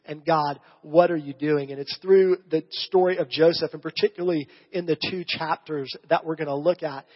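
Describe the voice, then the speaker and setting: Male pastor, sermon, casual and conversational, slightly raspy, dull lo-fi recording. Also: a little high, fairly even intonation, normal speed. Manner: conversational, asks the audience "right?". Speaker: preacher. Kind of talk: sermon teaching through scripture. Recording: long reverb, dull lo-fi sound.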